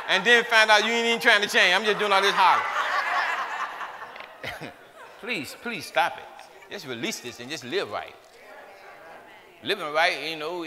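A man's voice: on the high side, sharp tone. A man preaching a sermon as pastor, hollering with fervent energy in a church. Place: church sanctuary. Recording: long reverb of a church hall.

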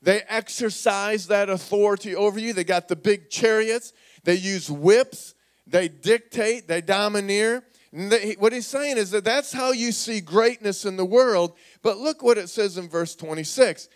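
A man pastor preaching a sermon in a church, animated and calling on the congregation to repeat words back. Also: sits high, a little slow. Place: church sanctuary.

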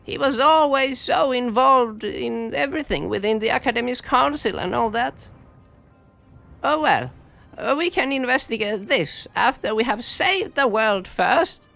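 A playful wizard mentor in a game, her bright, gravelly voice swinging through a wide, animated range at an unhurried pace. Soft game music plays under her lines. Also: fairly high pitch, full character voice. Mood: musing. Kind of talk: game dialogue.

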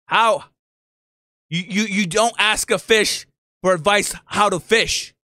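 A man's voice: sits high, slow, bright, forceful tone, no echo, clean studio sound. A man hosting a reaction channel, giving blunt, opinionated commentary in a casual rant.

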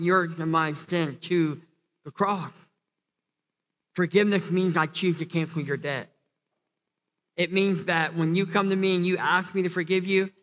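Earnest high-voiced pastor in a reverberant church. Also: male voice, fairly bright tone. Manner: earnest, repeats and restarts phrases, rises to emphatic peaks. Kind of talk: sermon. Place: church hall. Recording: long church hall reverb.

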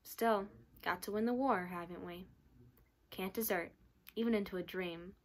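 A woman's voice: medium pitch, normal speed, lightly acted. Woman voicing a male army orderly, cheerful, weary, clipped speech, storybook reading. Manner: clipped, chatty, resigned.

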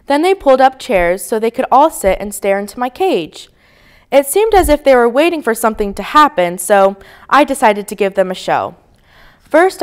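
A woman reading a children's story aloud, her voice rising and falling in a lively sing-song. Her tone is smooth and clear, set a little high. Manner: expressive, sing-song narration. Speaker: storybook reader.

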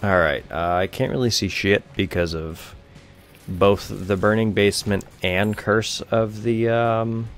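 A man's voice: lowish voice, fairly even intonation, slow pace, soft background music. A young man giving rambling, offhand let's-play commentary over a video game, swearing casually. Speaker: gameplay commentator.

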